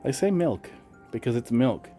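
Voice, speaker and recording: On a stream with faint background music, a man with a slight Wisconsin accent chats casually with viewers and turns sing-song when talking to his cats. His mid-range voice is expressive and warm, at a moderate pace.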